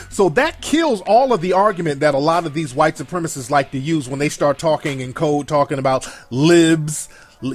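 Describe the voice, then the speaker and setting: A man with a slightly high voice hosts a live call-in show. He rants in casual, blunt, profane commentary, with faint music playing behind him. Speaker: show host taking calls and chat.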